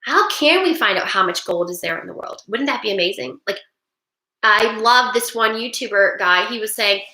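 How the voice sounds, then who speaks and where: A middle-aged woman hosting a webinar, talking in an animated, rambling, emphatic way. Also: on the high side, normal speed. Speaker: webinar host. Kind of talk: casual monologue. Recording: echoey room.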